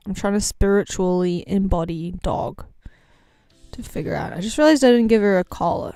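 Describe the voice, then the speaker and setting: A young woman livestreamer chatting casually, playful and giggly, often trailing off into quiet mumbled asides. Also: mid-range voice, moderate pace, clean tone, no room sound, faint music behind. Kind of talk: casual stream chat.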